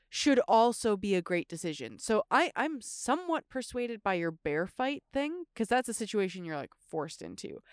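A woman's voice: mid-range voice, clear, resonant tone, dry recording, clean studio sound. A woman co-hosting a podcast, reasoning aloud with many fillers in a casual debate. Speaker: podcast co-host.

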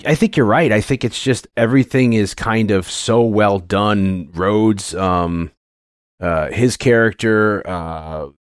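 A man in his forties with a fairly low voice talks through a film in casual chat. He rambles with lots of fillers and restarts, and the sound is dry and close. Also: no room sound. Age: 40s.

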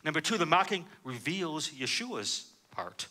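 A man's voice: fairly high pitch, very animated, a little slow, sharp tone. A man preaching a sermon, reading scripture aloud and explaining it verse by verse, with frequent "uh" fillers. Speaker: pastor.

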